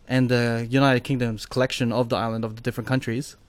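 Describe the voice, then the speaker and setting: A man's voice: mid-range voice, level tone, fast talker. A man co-hosting a casual podcast chat, hesitant and full of fillers as he explains things. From Australia. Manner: hesitant, many fillers and restarts. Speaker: podcast co-host.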